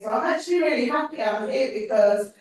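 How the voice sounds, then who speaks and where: A woman's voice: sits high, lively intonation, brisk, a little mellow. A woman from North London with a standard British accent, giving a chatty conference talk and putting questions to the audience. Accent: standard British English. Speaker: conference speaker. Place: conference hall.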